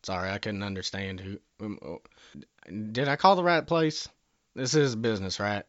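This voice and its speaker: Brash low-voiced man pulling prank calls. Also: expressive, moderate pace. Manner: brash, crude, mock-polite drawl. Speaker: prank caller and podcast host. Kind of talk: prank phone call. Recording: dull lo-fi recording.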